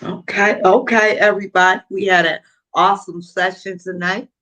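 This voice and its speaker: Upbeat woman cohost, sharp bright voice. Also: mid-range voice, fairly even intonation, moderate pace, low-quality recording. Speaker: co-host. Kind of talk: casual group video chat. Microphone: video call.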